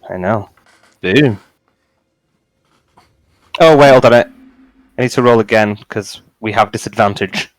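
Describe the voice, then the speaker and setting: A man's voice: fairly low pitch, measured pace, pauses often, dry recording. Chatty man playing a tabletop game. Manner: chatty, laughs easily. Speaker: player. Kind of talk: casual tabletop game chat.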